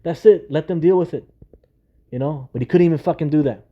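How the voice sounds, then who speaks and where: A man's voice: fairly high pitch, fast, lo-fi sound. A man delivering an aggrieved, exasperated rant to camera, swearing often and hammering the same rhetorical questions. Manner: profane, repetitive rhetorical questions. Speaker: gaming video creator. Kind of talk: ranting monologue to camera.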